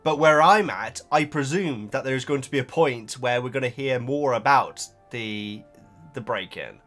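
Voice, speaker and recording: A man's voice: medium pitch, unhurried, a bit bright, soft background music. A British man reading and answering viewer comments in a casual chat, talking hesitantly with many stumbling restarts.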